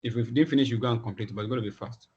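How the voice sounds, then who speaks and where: A man's voice: medium pitch, a little mellow. Man teaching a coding class online. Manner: halting, repeats words, thinks aloud. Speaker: instructor. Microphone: video call. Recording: dull lo-fi video call audio.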